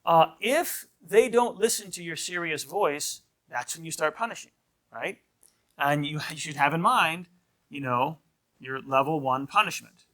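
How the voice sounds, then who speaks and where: A priest teaching a marriage class in a conversational lecture style, often checking in with "right?" and acting out short quoted lines of kids and parents. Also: male voice, a little high, animated, unhurried, sharp tone. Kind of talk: informal lecture.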